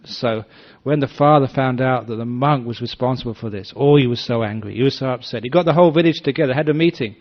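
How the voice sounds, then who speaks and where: An older man, a Buddhist monk, giving a dharma talk that is full of storytelling, acting out voices with gentle humor. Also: mid-range voice, fast talker, few pauses. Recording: slightly dull lo-fi recording.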